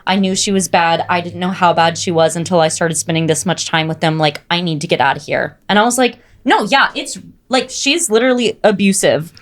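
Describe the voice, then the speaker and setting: A young woman co-hosting a podcast, telling stories in animated casual chat, full of "like" and "oh my God". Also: on the low side, a little fast, hardly any pauses. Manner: animated storytelling, frequent "like" and "oh my God". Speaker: podcast co-host.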